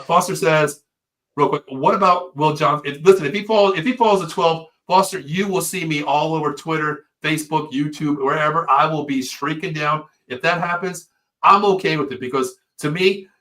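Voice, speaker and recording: A man co-hosting a casual live sports talk show, an excitable storyteller who swears freely. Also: on the high side, normal speed. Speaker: podcast co-host.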